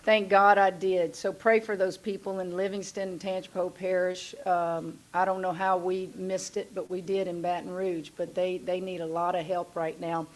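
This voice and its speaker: A woman's voice: fairly low pitch, level tone, moderate pace, hardly any pauses. A woman from Louisiana with a Southern accent, giving a blunt, folksy after-lunch talk as a guest speaker at a club luncheon. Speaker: guest speaker, basketball coach. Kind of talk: casual after-lunch speech.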